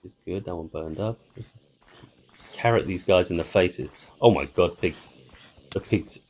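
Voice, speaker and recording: A man's voice: sits low, measured pace, a little mellow, a little hiss or hum. A man giving casual, rambling commentary while playing a video game, trying to tell a joke and interrupting himself. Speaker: gaming video creator. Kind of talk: casual let's-play commentary.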